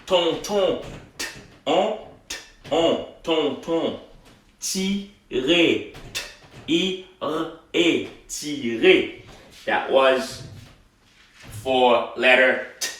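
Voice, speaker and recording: A man teaching a language lesson, saying words slowly and repeating them for practice. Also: fairly high pitch, a bit bright. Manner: slow, drawn-out word repetition for practice. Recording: very echoey room, somewhat far from the mic.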